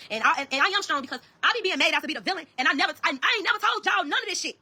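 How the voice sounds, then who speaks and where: A woman telling her own story to viewers in a rapid, heated, profane way. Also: high-pitched, animated, sharp tone. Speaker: storyteller in a social media clip.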